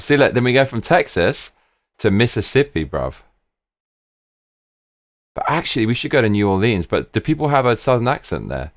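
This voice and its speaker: A man's voice: mid-range voice, moderate pace, long pauses. A man hosting a casual live stream chat, thinking aloud and repeating "look" and "bruv" as he plans a trip. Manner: excitable, thinking aloud, repeats 'look' and 'bruv'. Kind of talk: casual chat while planning a trip with viewers.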